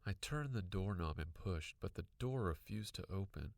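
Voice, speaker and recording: A man reading a children's story aloud, narrating in a lively, expressive manner. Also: low voice, moderate pace, creaky, no room sound. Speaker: audiobook reader.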